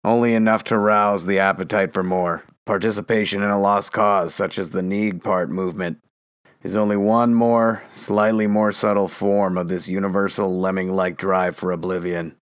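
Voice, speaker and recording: A man's voice: deep voice, flat delivery, moderate pace, smooth, no room sound, studio quality, close to an everyday voice. An actor playing a fanatical male psychiatrist who lectures and builds into a ranting tirade, in an audio drama.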